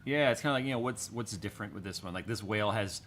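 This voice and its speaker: A man's voice: fairly low pitch, fast, a bit bright, a little hiss or hum. A man co-hosting a livestream in casual chat, teasing his guest. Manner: teasing, joking. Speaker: livestream co-host.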